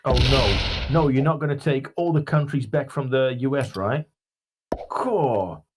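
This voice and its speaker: Slow British man joking over a noisy line. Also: mid-range voice. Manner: joking, matey banter. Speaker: guest player. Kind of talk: casual gameplay banter.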